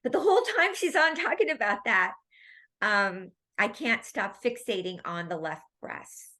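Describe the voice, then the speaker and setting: Bright-voiced woman telling stories. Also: medium pitch, moderate pace. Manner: animated, rambling storytelling. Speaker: guest, medical intuitive medium. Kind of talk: casual storytelling interview.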